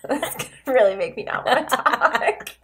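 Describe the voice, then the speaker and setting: A woman co-hosting a podcast in casual chat, giggly and animated, often laughing as she talks. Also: sits high, moderate pace. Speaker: podcast co-host.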